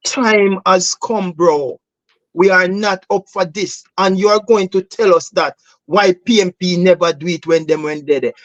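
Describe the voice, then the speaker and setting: A man's voice: high-pitched, measured pace, no room sound, muffled recording. A Jamaican man hosting a political talk show, speaking passionately and emphatically in patois-laced English, often calling listeners "bro.". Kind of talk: heated political commentary.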